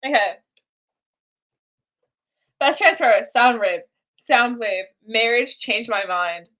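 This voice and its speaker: Young woman streamer, high lively voice with a bright edge, playful self-talk over her drawing. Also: slow pace. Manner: playful, talks to herself while drawing. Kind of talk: casual live drawing stream chat.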